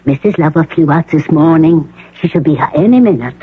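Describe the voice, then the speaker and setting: A man playing a self-assured hospital doctor in a 1980 radio drama, speaking in a measured, formal, precise way. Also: a little high, slightly rough. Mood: pleased. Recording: narrow phone-like radio broadcast.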